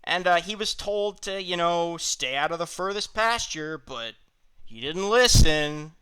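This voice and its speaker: Lively bright-voiced young game master. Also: male voice, fairly high pitch, smooth. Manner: laughing often, halting with fillers and restarts. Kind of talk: narrating a tabletop game.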